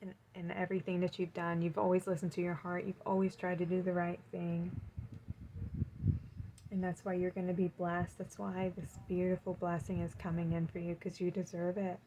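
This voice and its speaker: A woman with a somewhat low voice does a pick-a-card tarot reading. She gushes and encourages as she reads out card affirmations. A faint noise sits under the recording. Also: completely flat delivery, moderate pace, warm tone, low-quality recording.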